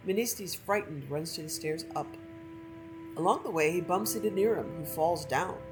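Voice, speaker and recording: A woman gameplay streamer reading a story aloud from a game in a measured, expressive way. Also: lowish voice, soft background music, rough recording.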